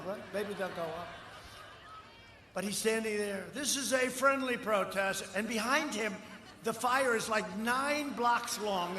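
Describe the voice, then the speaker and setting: A man from the United States delivers a boastful campaign rally speech, repeating himself and breaking into shouts. His voice sits high and sounds bright and forceful. It booms through a podium microphone and loudspeakers into a wide, echoing outdoor space with a long tail of reverb and faint crowd ambience behind. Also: a little hiss or hum. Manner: boastful, repetitive, bursts into shouting. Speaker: political speaker at a rally.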